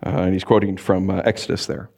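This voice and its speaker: A man preaching a sermon, telling stories in an animated way, acting out voices and laughing often. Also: low voice, fast talker, creaky. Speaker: pastor.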